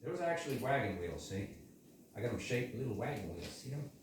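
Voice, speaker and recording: A man's voice: mid-range voice, sing-song, quick pace. A man chatting in a folksy way as he walks through cooking a dish step by step in his kitchen. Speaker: home cook. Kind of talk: casual cooking demonstration. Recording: echoey room, mic far off, cooking noise.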